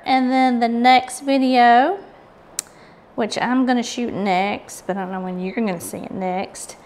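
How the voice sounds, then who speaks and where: On the high side, steady in tone, slightly slow, and a bit mellow, a Southern US woman hosts a craft channel tutorial. She chats and rambles as she works, often making fun of herself.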